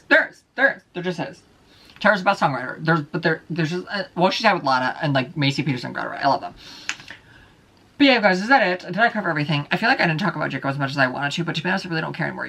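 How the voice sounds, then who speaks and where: A man's voice: a little high, vocal fry, bright, forceful tone. A man vlogging alone, ranting heatedly with heavy profanity and repeating his points. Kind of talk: casual solo vlog rant.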